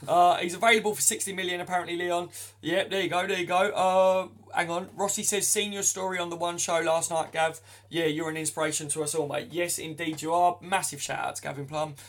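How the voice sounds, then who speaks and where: A chatty young man hosts a casual football live stream, reading out viewer comments and laughing along. His voice sits a touch high for a man. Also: level tone, fairly quick, fairly bright tone.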